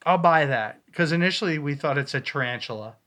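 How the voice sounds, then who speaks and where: A man's voice: a little high, expressive, fairly quick, bright, forceful tone. A man co-hosting a casual podcast, playfully bantering while reviewing ghost-hunt recordings. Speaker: podcast co-host.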